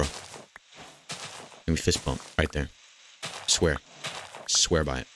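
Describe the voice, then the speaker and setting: A man giving casual, jokey commentary while playing a video game, with excitable outbursts and playful chatter aimed at the game's characters. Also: rumbling low, slow, pauses often, slight background noise. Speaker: gaming channel host.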